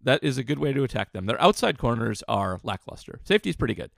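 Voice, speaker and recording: A man co-hosting a casual sports podcast, analytical and full of stats, quick to agree with the others. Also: medium pitch, sing-song, gravelly, a bit bright, dry recording, studio quality. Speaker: podcast co-host.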